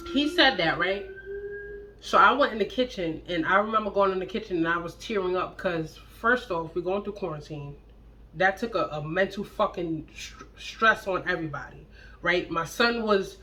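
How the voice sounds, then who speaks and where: A young adult woman telling a blunt, profane storytime about a relationship, with animated, acted-out quotes. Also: medium pitch. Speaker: storytime vlogger. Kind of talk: casual storytime monologue.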